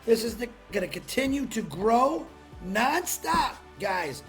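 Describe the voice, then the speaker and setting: A man hosting a solo livestream, giving an excited, salesy pep talk with shouted bursts and greeting viewers from the chat by name, speaking into a laptop mic. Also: very high voice, measured pace, soft background music. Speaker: livestream host.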